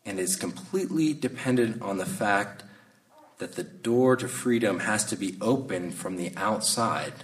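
Male pastor preaching, slightly off-mic. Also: lowish voice. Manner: conversational, reflective, halting with restarts. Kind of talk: sermon. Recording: voice a bit distant from the mic.

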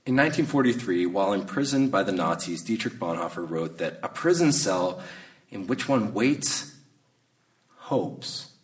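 A man, preaching a sermon in a conversational, reflective way, sometimes pausing and restarting his sentences. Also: lowish voice, expressive. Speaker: pastor. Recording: voice a bit distant from the mic.

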